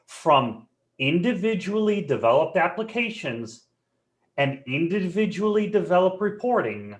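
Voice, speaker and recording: A man presenting a live webinar in a joking, conversational and animated way. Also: on the high side.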